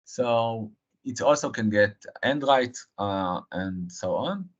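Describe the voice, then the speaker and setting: A man presenting a live technical software demo, halting and filling pauses with frequent uh and um. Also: fairly low pitch, expressive. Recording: dull lo-fi stream audio.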